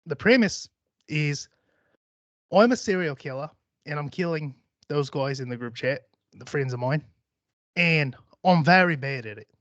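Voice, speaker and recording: A man's voice: medium pitch, dry recording, dull audio, close to an everyday voice. A man putting on a mock Australian accent. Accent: put-on Australian. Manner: rambling, profane, comic. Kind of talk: podcast storytelling.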